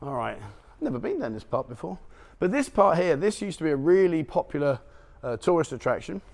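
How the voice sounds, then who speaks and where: A man's voice: on the high side, sing-song, fairly quick, gravelly, darkish tone. Chatty man vlogging on a street. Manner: chatty, joking, chuckles at his own remarks. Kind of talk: walk-and-talk street vlog. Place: outdoors on a city street at dawn.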